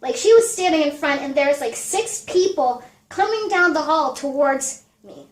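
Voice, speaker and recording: A young woman in her twenties vlogging a casual storytime, animated and full of fillers and swearing. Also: high-pitched, normal speed, roomy sound.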